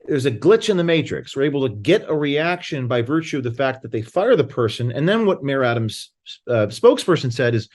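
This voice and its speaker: A man in a relaxed conversation, speaking emphatically about his own experiences in a middle-pitched voice. He often stumbles and restarts mid-sentence as his thoughts run ahead. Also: a little fast. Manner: emphatic, anecdotal, frequent restarts. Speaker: guest. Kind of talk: casual conversation.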